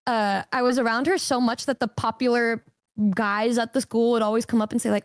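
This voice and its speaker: A young woman telling a long personal story on a stream, animated and swearing casually, jumping into a higher voice for quotes. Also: fast, no echo, studio quality.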